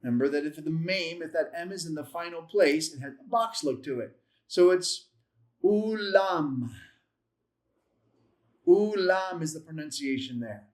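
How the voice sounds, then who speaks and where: A man's voice: fairly high pitch, lively intonation. Patient man sounding out letters. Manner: patient, sounds out letters slowly and repeats them; self-correcting, lightly humorous asides. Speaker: Bible Hebrew teacher. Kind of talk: classroom-style language lesson.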